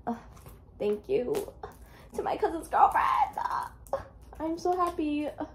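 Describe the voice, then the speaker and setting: A woman's voice: sits high, expressive, slow pace, slight background noise. A young woman vlogging casually about her reading, rambling and emotional, laughing often. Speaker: book vlogger. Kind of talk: casual chat.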